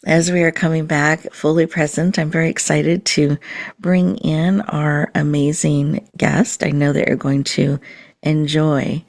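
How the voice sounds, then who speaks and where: A woman hosting a podcast, leading listeners through a slow, soothing mindfulness and breathing exercise. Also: low-pitched, flat delivery, vocal fry, darkish tone. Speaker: podcast host.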